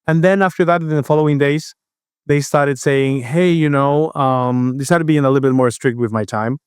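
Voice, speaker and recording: A man's voice: on the high side, steady tone, clear, resonant tone, no echo, studio quality. A man co-hosting a podcast, telling a story in casual chat with many restarts and acting out the other voices. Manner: storytelling, halting with restarts, acts out quoted voices. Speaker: podcast co-host.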